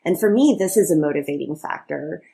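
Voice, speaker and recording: A woman's voice: low voice, lively intonation, fairly quick, gravelly, warm tone, slightly rough. A woman co-hosting a podcast in casual chat, chatty with many fillers and frequent laughs. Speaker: podcast co-host.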